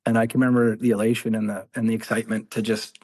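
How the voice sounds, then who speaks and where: A man in his forties, a former Marine guest, telling war stories in casual conversation, animated and laughing as he acts out quoted voices. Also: on the low side, fast talker, husky. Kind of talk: conversational storytelling.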